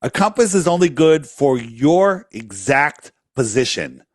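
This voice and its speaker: A man's voice: mid-range voice, sing-song, unhurried, dry recording, clean studio sound. A man talking in a casual interview, emphatic and repeating phrases for effect. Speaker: flat earth guest.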